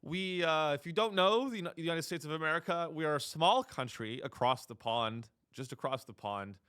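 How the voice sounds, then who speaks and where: Bright-voiced sarcastic male podcast host. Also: a little high, normal speed, clean tone. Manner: sarcastic, mock-earnest, rambling. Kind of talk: comedic monologue.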